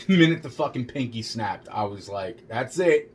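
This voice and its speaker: A man's voice: lowish voice, expressive, moderate pace, slight background noise. A man telling a rambling first-person story, agitated and full of profanity, repeating himself as he goes. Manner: heavily profane, agitated, repetitive.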